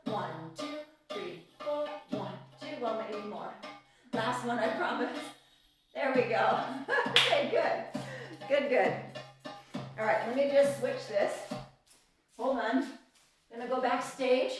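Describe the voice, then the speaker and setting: A woman's voice: a little high, animated, takes it slowly, long pauses. A woman teaching a live online belly dance class, counting beats aloud as she demonstrates and chatting cheerfully with her students. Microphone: phone camera away from her. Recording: echoey room, voice from a distance, music faint behind.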